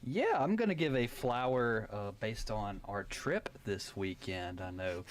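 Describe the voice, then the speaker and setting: A man's voice: on the low side, lively intonation, unhurried, slight background noise. A young man co-hosting a student radio sports show, joking with short, laid-back replies. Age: young adult. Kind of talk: casual sports radio chat.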